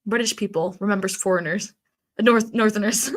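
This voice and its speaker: A woman live-streaming, chatting loosely and answering her chat as she goes. Her voice is mid-pitched and slightly stuffy from a blocked nose, with frequent fillers and easy laughter. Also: normal speed, fairly bright tone. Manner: chatty, reads chat aloud, laughs often, frequent ums and likes.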